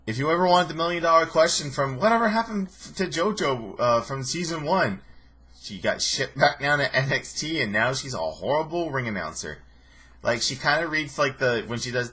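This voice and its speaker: A man's voice: medium pitch, animated, fairly quick, bright, forceful tone, breathy edge. A young man in his twenties recapping a TV episode in a casual, sarcastic way, often mimicking people. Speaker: show reviewer.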